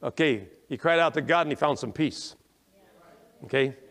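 Preaching pastor in a reverberant church. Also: male voice, moderate pace. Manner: emphatic preaching, rising when quoting scripture, dropping low and quiet to reflect; frequent "okay?" checks and stammered restarts. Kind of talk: sermon. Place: church sanctuary. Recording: long echoing reverb of a church hall.

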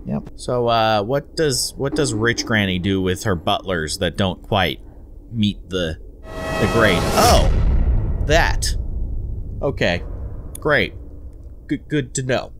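A man's voice: on the low side, animated, takes it slowly, long pauses, noisy background. A young man hosting a gameplay video, chatting playfully and amusing himself. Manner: playful, self-amused, chatty with repeated restarts. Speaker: gaming video host. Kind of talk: let's play commentary.

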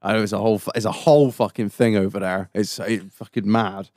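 A man from the joking and swearing with his mates on a podcast, chipping in with quick asides. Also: fairly low pitch, no room sound, clean studio sound. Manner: animated, sweary, jokey interjections. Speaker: podcast co-host. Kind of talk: casual banter among mates.

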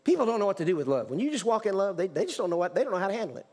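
A man's voice: high-pitched, big pitch swings, very fast, darkish tone. A male pastor preaching a sermon in a church, emphatic, with repetitions and restarts. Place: church sanctuary. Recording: church hall reverb.

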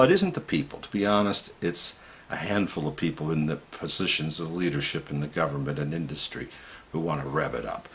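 Gravelly man ranting with big swings. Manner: swings between loud outbursts and low muttering. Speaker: activist vlogger. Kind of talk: impassioned political monologue.

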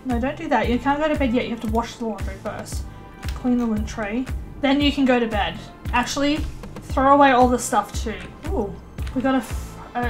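Chatty high-voiced woman gaming. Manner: chatty, bossy toward game characters, laughs often. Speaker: let's play gamer. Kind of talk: casual gameplay commentary.

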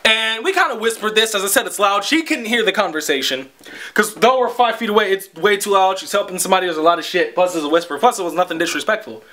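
A man's voice: sits high, quick pace, sharp tone. A young man telling a long, profane, exasperated story as a vlogger. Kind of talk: casual storytelling rant.

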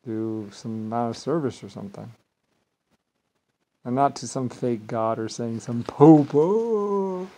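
Man with an average-pitched voice, rambling grandly to camera, volume rising and falling. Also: slow pace, poor audio. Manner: meandering, repeats "like I said", swings between loud and quiet; grandiose, self-assured. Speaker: vlogger. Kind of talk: rambling solo monologue.

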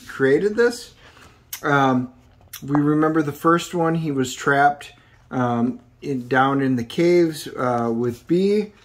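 A middle-aged man hosting a casual comic book review video, rambling through the plot with many ums and uhs. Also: on the high side.

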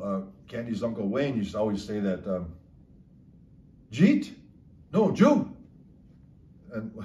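A man's voice: fairly low pitch, a little mellow, slight background noise. A man casually explaining local slang words, chuckling often as he talks. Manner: slow, chuckling, drawn-out storytelling. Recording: echoey room, slightly distant mic.

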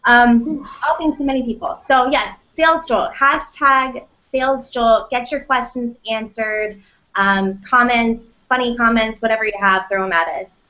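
Female co-host, relaxed and chatty, slightly high voice, muffled lo-fi sound. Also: unhurried. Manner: relaxed, with fillers. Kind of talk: casual live web show chat. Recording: dull lo-fi stream audio.

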